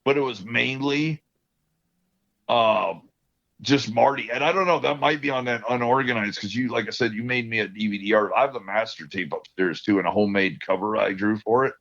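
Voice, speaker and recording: A man's voice: lowish voice, brisk, creaky, a bit bright. A man telling rambling stories in casual podcast chat, laughing often. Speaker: podcast co-host. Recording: dull lo-fi sound.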